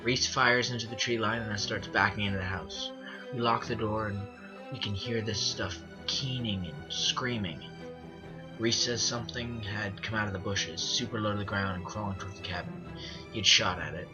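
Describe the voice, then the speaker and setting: Man, lowish voice, horror story narration, earnest, restarts phrases, dull lo-fi sound, music underneath. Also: steady tone, normal speed. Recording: dull lo-fi recording with music behind. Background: music bed.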